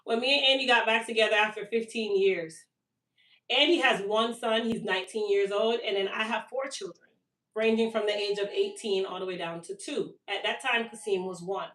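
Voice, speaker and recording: A woman, hosting a live stream for her hair care business and telling a long-winded, animated story about her toddler. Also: mid-range voice, normal speed, distant mic. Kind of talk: casual live-stream sales chat. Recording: echoey room, voice a bit off-mic.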